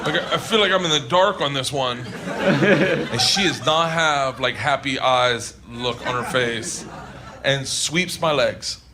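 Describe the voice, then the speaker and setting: A man doing stand-up storytelling, loud and excitable, laughing through his story and shouting the punchlines. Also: mid-range voice, slow, heavy background noise. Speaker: stand-up comedian. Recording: live stage recording with loud audience laughter. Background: loud crowd laughter.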